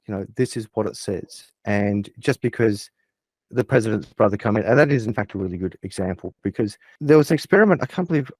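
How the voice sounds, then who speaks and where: A man's voice: fairly low pitch, a little mellow, no echo. Man explaining eagerly in a dry room. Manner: enthusiastic explainer with hypothetical examples. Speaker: guest. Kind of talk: casual interview chat.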